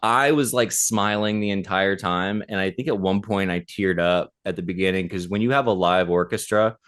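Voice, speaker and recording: A man's voice: sits low, moderate pace, fairly bright tone. A man in his thirties, a podcast co-host, chatting casually and telling a story with enthusiasm and lots of fillers. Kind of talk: casual chat.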